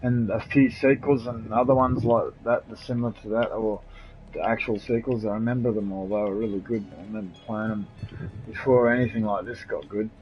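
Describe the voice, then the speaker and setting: A man's voice: lowish voice, steady tone, fairly quick. A man with an Australian accent chatting loosely and swearing to his friends while he streams a video game. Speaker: gamer streaming live. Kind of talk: casual live-stream chat while gaming. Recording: dull lo-fi console stream audio.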